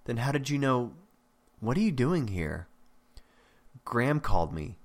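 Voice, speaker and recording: A man's voice: mid-range voice, big pitch swings, measured pace, voice pushed up. A man voicing an agitated young man who talks bluntly and swears. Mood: alarmed. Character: tense young man visiting a friend.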